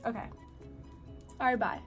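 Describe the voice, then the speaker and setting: A young woman playing a teenage girl who takes her mom's car out, talking to herself out loud as she goes. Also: measured pace, soft background music, close to an everyday voice. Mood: casual, excited. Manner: chatty, talks to herself out loud. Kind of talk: short-film acting.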